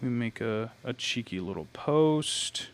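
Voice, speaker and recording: A man's voice: medium pitch, lively intonation, a little slow. A young man chatting casually on a live stream, greeting viewers and thinking aloud as he posts online. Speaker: livestreamer. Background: faint metal music.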